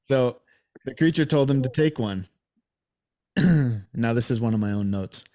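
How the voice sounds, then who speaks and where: A man's voice: mid-range voice, lively intonation, unhurried, pauses often, a little mellow. A man co-hosting a casual podcast who narrates the case notes to his friends and often chuckles. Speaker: podcast co-host reading out the case.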